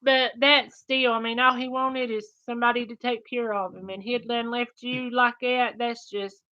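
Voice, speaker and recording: A woman's voice: fairly high pitch, steady tone, normal speed, bright, forceful tone, muffled recording. A woman, co-hosting a homestead livestream, chatting casually and reading out viewer comments with frequent laughter. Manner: folksy, laughs often.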